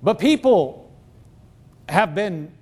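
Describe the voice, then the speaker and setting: High, lively-voiced male preacher. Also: very slow, breathy edge. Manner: emphatic preaching with rhetorical questions. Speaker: pastor. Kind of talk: sermon.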